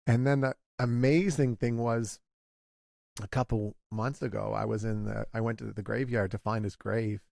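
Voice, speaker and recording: A man in his forties speaks as a guest in a candid conversation, his low voice rough with fry. He talks in a halting, confessional way, often circling back and restarting. The sound is dry and close. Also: fairly even intonation, darkish tone, dry recording. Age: 40s.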